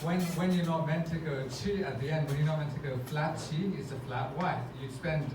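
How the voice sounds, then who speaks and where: A man's voice: a little high, a little fast, far from the mic. A man hosting a stand-up comedy night, telling rambling self-mocking stories on a club stage. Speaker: comedy show host. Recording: very echoey club, noisy audience ambience.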